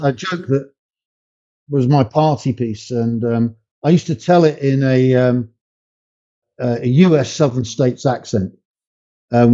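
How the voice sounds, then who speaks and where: An older man talking as a podcast guest, emphatic, his voice climbing when he makes a point. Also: warm tone. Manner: emphatic, rising in pitch when making a point. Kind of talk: conversational interview. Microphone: video call. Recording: muffled lo-fi remote call audio.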